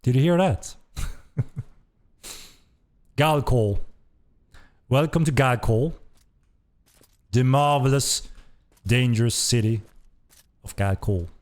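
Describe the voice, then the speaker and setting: A man's voice: mid-range voice, slow, long pauses, darkish tone. A man hosting a game developer stream, giving enthusiastic live commentary as he plays and repeating his praise. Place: at a computer playing the game.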